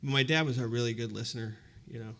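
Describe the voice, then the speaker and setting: Man in his 50s sharing a personal story at a campus talk, chatty and reflective, lots of "you know", bright tone. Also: mid-range voice, quick pace. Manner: conversational and reflective, many fillers like "you know". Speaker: university presenter. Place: university event before a live audience.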